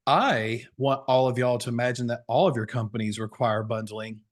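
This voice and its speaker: A man's voice: mid-range voice, steady tone, moderate pace, hardly any pauses. Folksy man coaching with fervor. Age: around 40. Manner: folksy, preachy, fired up. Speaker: insurance sales coach. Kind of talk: energetic webinar training talk.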